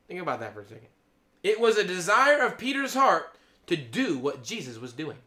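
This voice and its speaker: A man preaching an informal sermon, excitable, laughing, then dropping to a hushed, awed tone. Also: high-pitched.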